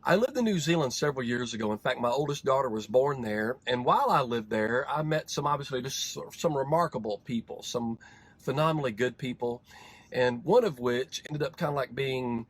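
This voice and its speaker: A man from the United States, a horse trainer hosting his vlog, telling a story in a folksy, relaxed way from a parked vehicle. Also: mid-range voice, a little fast, breathy edge. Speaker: horse trainer and show host.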